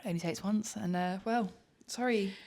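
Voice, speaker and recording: A woman's voice: mid-range voice, normal speed. A woman co-hosting a podcast, telling a story with lots of energy and acting out the people in it. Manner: animated storyteller, acts out quoted people. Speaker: podcast co-host. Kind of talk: casual chat.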